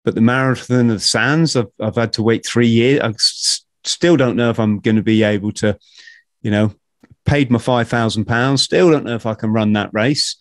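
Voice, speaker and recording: A man hosting a podcast, talking in an animated, ranting way and swearing casually. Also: medium pitch, moderate pace, no room sound, clean studio sound. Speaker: podcast host.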